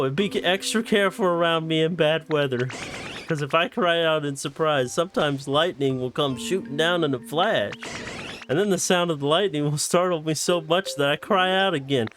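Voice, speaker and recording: A man's voice: on the high side, a bit bright, natural voice. A man voicing a jumpy, skittish electric creature from a game in a near-everyday voice.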